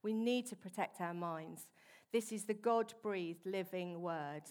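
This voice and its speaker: A woman's voice: on the low side, unhurried. Earnest woman preaching. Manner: earnest, conversational, with soft asides. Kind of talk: sermon.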